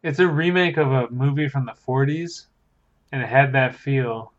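A Canadian man co-hosting a podcast, speaking in a relaxed, dry, easygoing way. His audio sounds dull and a bit lo-fi, as if from a cheaper mic. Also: medium pitch, moderate pace. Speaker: podcast co-host. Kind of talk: casual chat.

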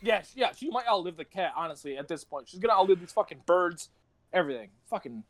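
A man's voice: high-pitched, lively intonation, fast, no room sound. A young man telling rambling stories on a casual podcast, swearing often and laughing between lines. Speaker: podcast host.

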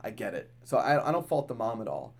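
A man's voice: fairly low pitch, very animated, fast talker, gravelly. Rambling man telling a story. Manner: rambling storyteller, many fillers and restarts. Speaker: podcast co-host; works with kids at a dental office. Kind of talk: casual chat.

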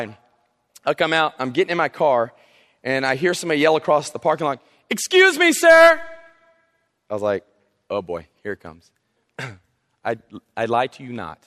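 A pastor from South Carolina, preaching a sermon through animated, humorous storytelling. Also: male voice, on the high side. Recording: long reverb of a hall.

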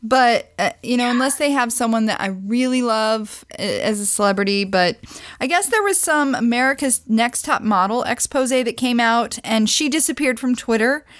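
Bright-voiced playful woman podcast co-host. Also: on the high side, lively intonation, normal speed. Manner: playful, self-deprecating, laughs easily. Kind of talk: casual chat about entertainment news.

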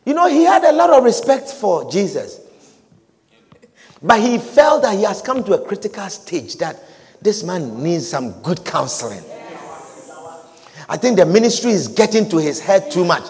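A man preaching a sermon, animated and repetitive, with calls of hallelujah and amen. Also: high voice, moderate pace, pauses often, big-room sound.

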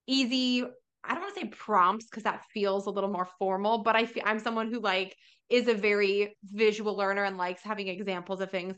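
A woman's voice: mid-range voice, pushed and bright. A woman hosting a faith podcast, chatting in a rambling, casual way full of "like". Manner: chatty, rambling, heavy use of "like". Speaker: podcast host.

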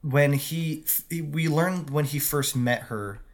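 A man's voice: a little high, slow. A man talking casually and earnestly about an anime's characters. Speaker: co-host. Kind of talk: casual anime review chat.

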